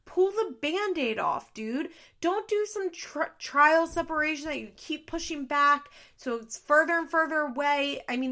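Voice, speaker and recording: Woman podcast host, bright and forceful, casual profane recap delivery. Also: high voice. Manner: blunt, profane, exasperated.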